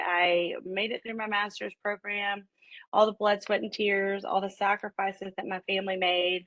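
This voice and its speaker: A woman's voice: mid-range voice, no room sound, poor audio. A middle-aged woman, a college professor, telling the story of her road to a doctorate and acting out her own and her husband's words. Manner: animated retelling, quoting herself and her husband. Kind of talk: personal storytelling.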